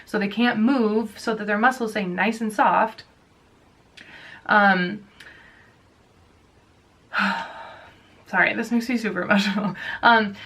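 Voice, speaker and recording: A young woman hosts a casual solo podcast, speaking earnestly and with feeling. She trips over her words and starts sentences again. Her voice sits at an everyday pitch and sounds a little far from the mic. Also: a bit bright. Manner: earnest, emotional, many restarts and fillers. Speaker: podcast host.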